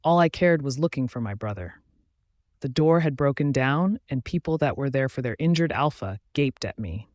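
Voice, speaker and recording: A man's voice: medium pitch, animated, moderate pace, darkish tone, no room sound, clean studio sound. A man narrating a first-person werewolf romance story in a dramatic storytelling reading.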